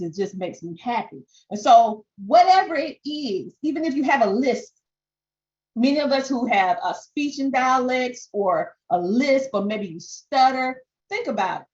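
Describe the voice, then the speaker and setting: A woman with a strong Southern country twang speaks at a medium pitch, coaching her audience over a live webinar. She talks warmly and directly, often tossing in "okay?" to check on her listeners. The audio sounds a little dull, like a home desk mic on an online call. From Southern United States. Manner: animated, peppers talk with "okay?". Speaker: podcast coach. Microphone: desk microphone.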